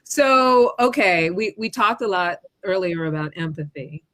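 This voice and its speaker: A woman's voice: fairly low pitch, lively intonation, a little slow, a bit bright. A woman moderating a panel discussion, talking conversationally and asking open questions with casual fillers.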